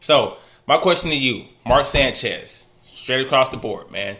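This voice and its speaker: A man talks trash in a loose, easygoing video message. His voice is bright and pushes forward. He teases his friends playfully and caps almost every phrase with "man". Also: mid-range voice, lively intonation, unhurried. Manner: laid-back, ends nearly every phrase with "man"; teasing, playful ribbing. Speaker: fantasy football league member. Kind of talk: casual trash-talk vlog.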